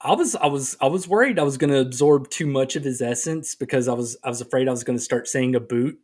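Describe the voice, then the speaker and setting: A man's voice: mid-range voice, quick pace, darkish tone. Rambling, self-mocking male podcast co-host. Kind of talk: casual comedic chat. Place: podcast recording.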